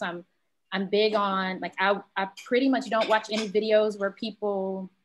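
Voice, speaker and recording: A woman's voice: mid-range voice, slight background noise. Woman panelist, candid storyteller, quotes people as she goes; round table discussion.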